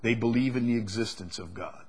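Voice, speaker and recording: A man's voice: medium pitch, brisk, a little mellow. A man preaching a sermon, reading scripture aloud and building to emphatic, rising delivery.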